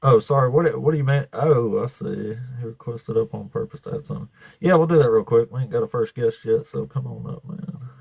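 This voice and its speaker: A man with a Southern Alabama drawl hosts a live stream in a loose, blunt way, cussing without a second thought and laughing between remarks. His voice is medium in pitch and recorded close and dry, with no room sound. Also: brisk, gravelly, darkish tone, slightly rough, no echo. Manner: blunt, swears freely, laughs often. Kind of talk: casual live-stream chat.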